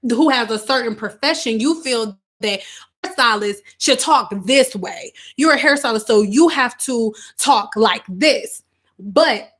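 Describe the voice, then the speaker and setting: A woman talks candidly to her livestream audience in an animated, unscripted way. Her voice sits a little high, and she slips into quoted voices now and then. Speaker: hairstylist and online host. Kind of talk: casual livestream talk.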